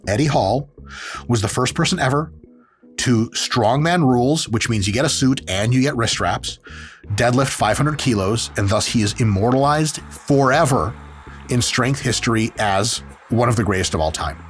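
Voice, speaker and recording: A man in a mid-range voice riffs through casual video commentary, sarcastic and quick with a joke. He swears freely and keeps it loose. Faint music runs under him. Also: mid-range voice, animated. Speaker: exercise scientist host.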